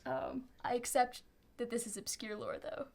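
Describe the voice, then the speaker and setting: A woman's voice: fairly high pitch, sing-song, normal speed, creaky, a little mellow. A woman narrating a tabletop game as game master in a rambling, hesitant way, with frequent ums and laughs.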